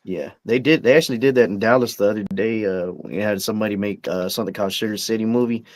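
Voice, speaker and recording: A man guesting on a talk show, speaking in a relaxed, hesitant way about making projects. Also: on the low side, fast, no echo. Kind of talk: casual interview chat.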